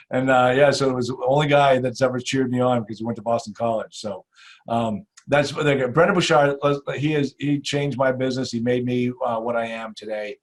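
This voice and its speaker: An older man hosting a podcast, chatting casually and animatedly, with many restarts and trailing off quietly. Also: mid-range voice, moderate pace. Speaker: podcast host. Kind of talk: casual interview chat. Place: home in New Hampshire.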